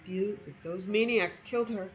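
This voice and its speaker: A woman's voice: on the low side, fairly even intonation, brisk, darkish tone, echoey room, faint music behind, natural voice. A stern, anguished father, as a woman plays him, blunt and hard-edged. He speaks with barely held anger.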